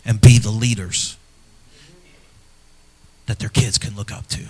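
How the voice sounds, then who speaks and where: Middle-aged pastor preaching with swelling emphasis. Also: male voice, on the low side, fairly even intonation, measured pace, husky. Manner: dynamic delivery, swinging from loud emphasis to hushed near-whispers; earnest and personal, speaking to fathers. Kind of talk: sermon.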